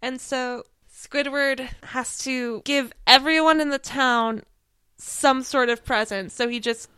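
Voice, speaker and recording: A young woman co-hosting a podcast in casual chat, animated and laughing often. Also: high-pitched, slow pace, clean tone, dry recording, clean studio sound. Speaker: podcast co-host.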